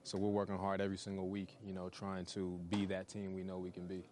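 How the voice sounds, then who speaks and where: Deep-voiced football player, rapid and flat. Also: male voice, background noise. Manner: relaxed, heavy "you know" fillers. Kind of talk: press interview answers. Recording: crowd chatter behind.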